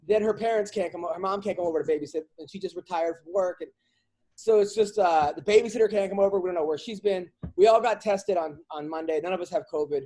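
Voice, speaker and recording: Here a comedian hosts a podcast, venting in an easygoing chat. His high-pitched delivery is animated and comically rambling, full of restarts.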